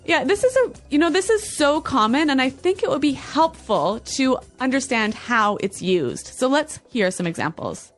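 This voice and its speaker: A woman co-hosting an English lesson podcast, upbeat with quick affirmations. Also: high voice, expressive, soft background music. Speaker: podcast co-host, English teacher. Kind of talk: casual teaching chat.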